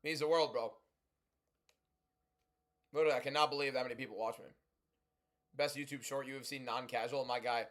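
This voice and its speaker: A young man hosting a livestream, talking loudly and chatting casually as he reads and answers viewer comments. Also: mid-range voice, fairly even intonation, a little fast, pauses often. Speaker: livestream host.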